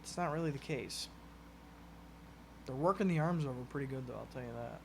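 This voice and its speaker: A man's voice: mid-range voice, a little fast, creaky, a little hiss or hum. A man co-hosting a podcast, chatting casually and joking while calling the wrestling moves as he watches. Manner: laid-back, joking, calls moves as they happen. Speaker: podcast co-host. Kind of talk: casual watch-along chat with play-by-play.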